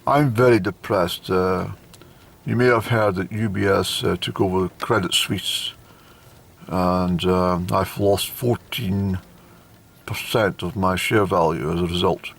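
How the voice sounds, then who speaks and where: Brusque dismissive doctor put on by a male vlogger, low and raspy. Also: fairly even intonation, measured pace, exaggerated voice. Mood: scornful. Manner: curt and belittling.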